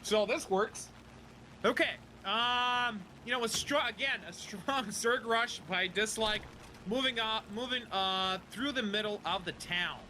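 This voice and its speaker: A man commentating a live tank game match, excitable and jokey, quick to laugh. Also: high voice, slight background noise. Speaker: esports commentator. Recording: faint music behind.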